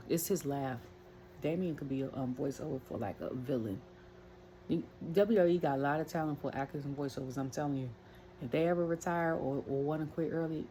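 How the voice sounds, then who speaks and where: Brief: woman, low voice, rambling wrestling rant, faint room hiss. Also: darkish tone. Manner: rambling, chatty, many fillers and asides. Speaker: wrestling commentary vlogger. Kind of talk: casual rant.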